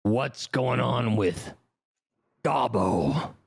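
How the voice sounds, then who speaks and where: A tabletop player, male, with a gravelly, crackly voice that swings around lively. He is blunt and teasing in casual banter. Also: mid-range voice, extremely slow.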